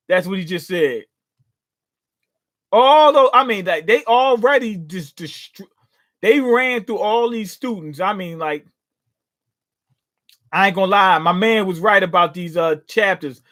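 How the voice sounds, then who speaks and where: A man's voice: high-pitched, lively intonation, unhurried, long pauses, fairly bright tone. A man hosting a casual live reaction, commenting in a slangy, joking way. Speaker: manga reaction host.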